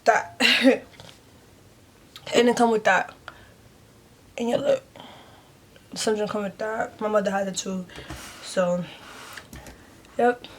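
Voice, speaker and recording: Her mid-range voice holds a steady tone as she takes things slowly, with long pauses. In this casual storytime vlog she's chatty and emotional, speaking earnestly and openly, heavy on "like" and addressing her viewers as "y'all."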